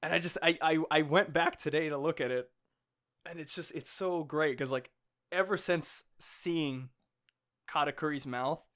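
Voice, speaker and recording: This is an excitable man co-hosting a podcast, with a voice pitched a touch higher than most men's. He laughs often and swears freely. He acts out the lines he retells. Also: moderate pace. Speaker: podcast co-host. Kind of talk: casual chat.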